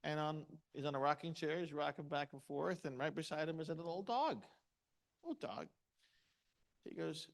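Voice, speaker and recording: A middle-aged man speaking at a motivational seminar. His voice sits a little high, and he talks in short, punchy lines. He keeps asking the audience questions and tells stories to make his point. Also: moderate pace, vocal fry.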